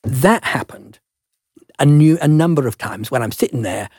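A man's voice: mid-range voice, expressive, moderate pace, darkish tone, husky, dry recording, studio quality. An older man, a guest telling stories in a chatty, self-deprecating way in an interview. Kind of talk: relaxed storytelling in an interview.

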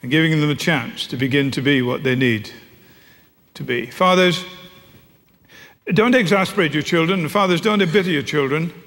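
A middle-aged man preaches with a wry, storytelling touch. His voice sits notably high for a man. A long reverb from a large hall trails each phrase. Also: moderate pace, long pauses, fairly bright tone. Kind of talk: sermon. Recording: echoey hall.

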